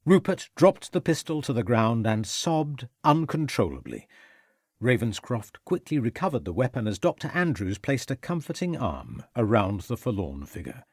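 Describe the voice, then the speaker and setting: Male audiobook narrator, expressive and dramatic, husky voice with lively pitch. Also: normal speed, dry recording, studio quality.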